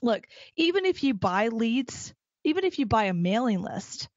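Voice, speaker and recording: A middle-aged woman hosting a solo podcast. She talks in an animated, emphatic way and repeats phrases for stress. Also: on the high side, normal speed, dry recording, highs cut off. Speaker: podcast host. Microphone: close mic at a desk chair.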